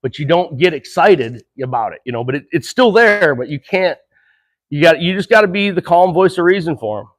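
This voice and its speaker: A middle-aged man training horses and explaining as he works, earnest and animated, chuckling between thoughts and slowing down to calm breaths. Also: fairly high pitch, slight background noise. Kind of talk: casual horse-training demonstration.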